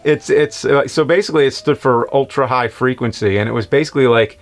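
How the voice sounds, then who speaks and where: Man, film review host, hesitant, unhurried, mid pitch, faint music. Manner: unhurried, hesitant, many fillers. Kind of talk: casual film review chat.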